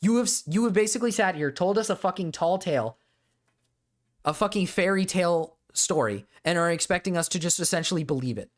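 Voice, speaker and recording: Reacting to a video on stream, this man vents to his chat with plenty of swearing and exasperation. His voice sits high and sounds animated, moving at a fairly quick clip.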